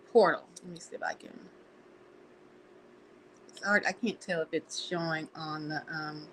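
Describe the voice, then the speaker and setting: A woman's voice: fairly low pitch, a bit bright, rough recording. A woman hosting a live stream, talking earnestly over photos, repeating words and checking in with "okay?" often. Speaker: channel host.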